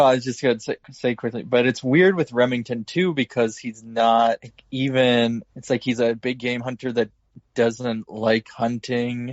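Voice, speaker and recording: A man who is a regular podcast guest, making quick, offhand remarks in a casual film chat. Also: mid-range voice, no room sound, lo-fi sound.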